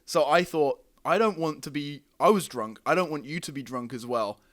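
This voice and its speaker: Podcast host, man, chatty and rambling, pitched a touch high. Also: normal speed, a bit bright. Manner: rambling, repeats words, laughs often. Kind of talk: casual storytelling chat.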